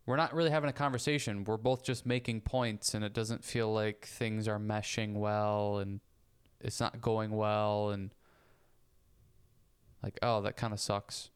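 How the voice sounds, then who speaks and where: Podcast co-host, male, smooth clear voice, earnest and casual, swears now and then. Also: lowish voice, little pitch movement, measured pace. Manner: earnest, reasoning with sports comparisons, casual swearing. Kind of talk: casual conversation.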